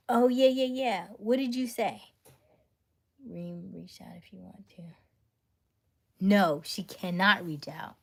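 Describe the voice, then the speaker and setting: A woman's voice: mid-range voice, measured pace. A woman livestreaming, chatting playfully with her viewers and laughing often. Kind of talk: casual livestream chat with viewers.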